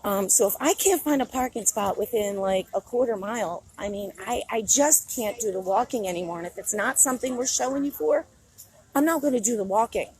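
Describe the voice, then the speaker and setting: Outdoors in a city, a middle-aged woman vlogs on a casual phone livestream, talking candidly, rambling, and often bursting into laughter. Her voice is on the high side, brisk, and darkish in tone, and the recording is rough.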